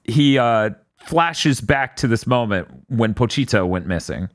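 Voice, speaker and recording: A man's voice: mid-range voice, lively intonation, a little slow, dry recording, studio quality. A young man hosting a podcast, recapping episodes in casual chat and often slipping into character voices. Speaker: podcast host.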